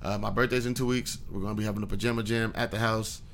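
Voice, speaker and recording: A man's voice: fairly low pitch, steady tone, quick pace, a bit bright, slight background noise. A young man hosting a casual podcast, laid-back and swearing freely, with lots of ums. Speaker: podcast host.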